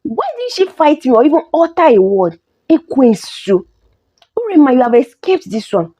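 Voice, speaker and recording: A woman voicing a spiteful, scheming young wife who talks in a shrill, quarrelsome way. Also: sing-song, normal speed, warm tone, husky, heavily acted. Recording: dull lo-fi recording.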